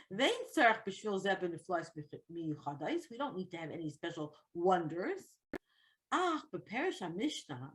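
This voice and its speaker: A woman teaching an online Torah class, reading Hebrew text and translating it line by line into English. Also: mid-range voice.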